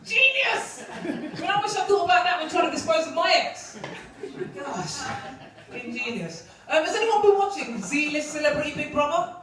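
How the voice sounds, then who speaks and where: A woman's voice: extremely high pitch, big pitch swings, normal speed, crowd noise. A woman performing a stand-up comedy set in a club, with a brash, mocking, punchy delivery. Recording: echoey club recorded from far off. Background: audience laughter.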